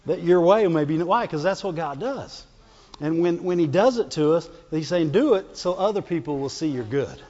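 A man's voice: on the high side, lively intonation, moderate pace, dark tone. A man preaching a fervent sermon, repeating phrases and calling out to his congregation. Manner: fervent, repetitive call-and-response preaching. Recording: dull lo-fi sound with long hall reverb.

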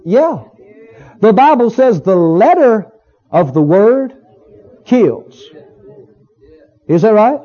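A man's voice: high voice, very animated, slow, pauses often, warm tone, husky. A male pastor preaching a sermon in a folksy, emphatic way, often repeating his phrases for weight. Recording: dull lo-fi recording.

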